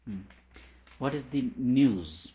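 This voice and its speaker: A man's voice: mid-range voice, expressive, takes it slowly, dull audio. A man reading a philosophical text aloud and explaining it line by line, with a chuckle now and then. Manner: reads a passage aloud, then comments on it with small laughs. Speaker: teacher.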